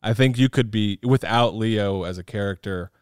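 A man reflecting on a film in a casual podcast chat, pausing and searching for words. His voice sits low and comes across smooth and clear. Recorded close and dry. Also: dry recording. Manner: thoughtful, halting, with frequent "um" and "like". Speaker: podcast co-host. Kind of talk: casual movie discussion.

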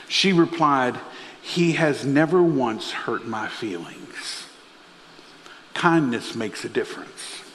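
A man's voice: a little high, a bit bright, in a large hall. A man preaching a sermon, telling stories and asking the congregation questions. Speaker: pastor.

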